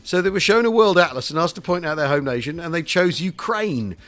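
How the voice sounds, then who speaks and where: Brief: male comic podcast host, theatrical and quick-witted, slightly high voice. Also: lively intonation, a bit bright. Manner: jokey, theatrical, quick asides.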